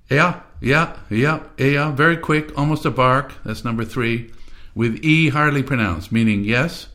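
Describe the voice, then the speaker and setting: A man giving a folksy spoken explanation, acting out little sounds with playful swings in his voice. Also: mid-range voice. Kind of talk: casual spoken explanation with demonstrations.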